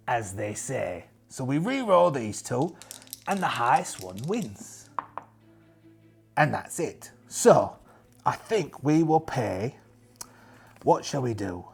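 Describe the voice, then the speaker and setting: A man's voice: medium pitch, big pitch swings, slow, creaky, long pauses, slightly rough, faint music behind. A man narrating a solo tabletop game in character, chatty and jokey, talking to himself as he rolls dice. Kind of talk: in-character actual-play narration.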